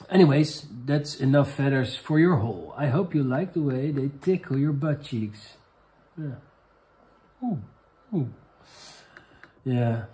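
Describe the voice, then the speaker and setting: A man's voice: mid-range voice, dark tone. Crude Dutch-accented man hosting a comedy vlog. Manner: crude, rambling and halting. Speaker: host. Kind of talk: comedic vlog, reading viewer questions.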